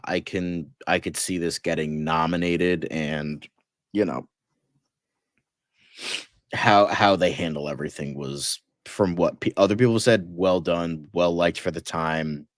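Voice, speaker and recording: Male podcast co-host, lowish pitch, dry close sound; casual, rambling, cusses a lot. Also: dry recording. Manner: rambling, swears freely, many fillers. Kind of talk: casual movie chat.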